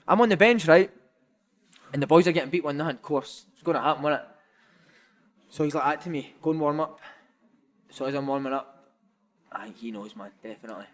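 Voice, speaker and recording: A man in his thirties spins a lively football story in loose, sweary chat. His voice sits a little high for a man, and he breaks into laughter often. He keeps peppering his sentences with "mate". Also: quick pace, pauses often. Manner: animated, laughing, sweary, says "mate" a lot. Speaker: podcast guest, former footballer. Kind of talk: casual storytelling, anecdote.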